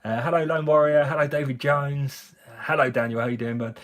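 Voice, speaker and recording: A man's voice: on the high side, steady tone, a little fast. A man, slightly drunk, hosting a casual live chat with viewers, jokey and chatty and laughing often. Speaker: livestream host. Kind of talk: casual live chat while cleaning finds.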